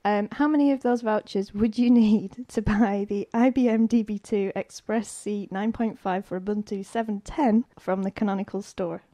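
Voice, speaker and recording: A British woman co-hosting a relaxed podcast, reading out quiz answers and listener notes. Her voice is mellow and warm, and the mic sound is dry and close. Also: medium pitch, moderate pace, hardly any pauses, no echo. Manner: reads out quiz answers, giggles. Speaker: podcast co-host, producer. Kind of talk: casual panel chat.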